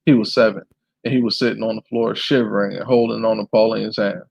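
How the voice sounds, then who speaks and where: A man reading a memoir aloud in a plain, steady way, now and then clearing his throat. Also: lowish voice, fast, no echo, rough recording. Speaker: reader.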